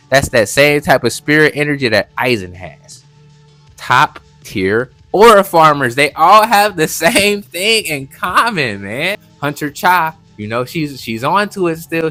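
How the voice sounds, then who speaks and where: A man recapping an anime episode in casual, animated commentary, full of slang and jokes. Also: fairly high pitch, dry recording. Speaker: anime reviewer.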